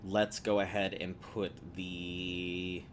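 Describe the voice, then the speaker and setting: A rather low-voiced American man talks his way through a game session, rambling and chatty, amused by his own remarks. A faint hum of room ambience sits under his voice. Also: little pitch movement, slow pace. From United States. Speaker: streamer. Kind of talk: casual gameplay commentary.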